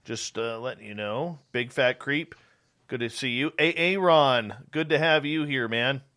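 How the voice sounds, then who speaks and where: A man's voice: mid-range voice, unhurried, bright, forceful tone. A man hosting a talk radio show, breezy and jokey, greeting chat viewers.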